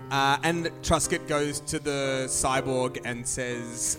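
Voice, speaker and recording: A playful man jokes his way through a tabletop game. He talks slowly in a reverberant room, and music plays behind him. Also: mid-range voice, fairly even intonation. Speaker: player. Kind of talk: casual tabletop play.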